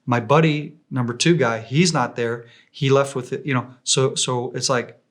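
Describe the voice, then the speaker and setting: Guy on a podcast telling a story, lots of restarts, average pitch. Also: moderate pace, few pauses. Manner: animated, many restarts and repeated words. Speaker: podcast guest. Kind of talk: conversational war storytelling.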